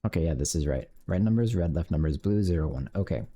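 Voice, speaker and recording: A man's voice: low-pitched, animated, fast talker, warm tone, a little hiss or hum. A man streaming his game development, muttering to himself while coding and cursing when things break. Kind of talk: casual live-coding commentary.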